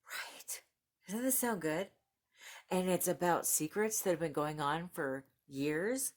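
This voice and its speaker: A woman with a notably low, deep voice, talking casually as a book vlogger. She gushes about the books she loves, gets excitable, and laughs often between remarks. She switches between chatty asides and reading the back-cover blurbs aloud. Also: takes it slowly.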